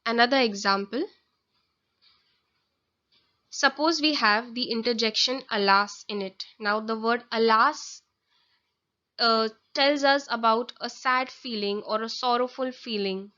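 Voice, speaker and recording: Woman teacher, slow and careful lesson delivery, muffled lo-fi audio. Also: fairly high pitch, sharp tone. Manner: careful, explanatory, with small slips and self-corrections. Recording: dull lo-fi audio.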